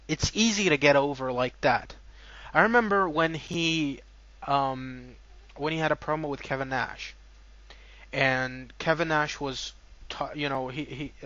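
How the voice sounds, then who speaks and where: A man's voice: on the high side, fairly bright tone, dry recording. A man giving a heated opinion rant to camera, arguing his points and often repeating words and questions. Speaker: wrestling commentator. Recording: dull, dry lo-fi recording.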